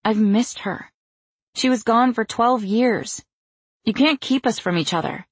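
A woman doing a defiant young daughter, higher and sharp. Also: unhurried, breathy edge, dry recording. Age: young adult. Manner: indignant, raised and sharp.

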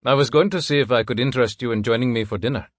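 A man's voice: medium pitch, very fast, dry recording, studio quality, voice pushed up, lightly acted. A man putting on a kindly older Indian doctor.

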